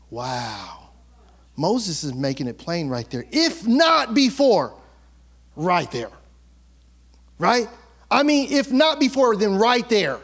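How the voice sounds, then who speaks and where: Male pastor, very high voice, animated and colloquial sermon delivery. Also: slow pace, pauses often, breathy edge. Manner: animated, conversational, colloquial storytelling.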